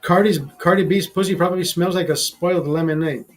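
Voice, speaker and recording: A man's voice: sits high, fairly even intonation, fairly quick, faint music behind. A man hosting a casual livestream chat, crude and profane, rambling with many restarts. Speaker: livestream host.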